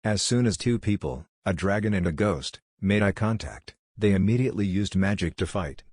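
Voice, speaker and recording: A man narrating a comic story recap in a steady, even way. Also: lowish voice, normal speed, no room sound, studio quality.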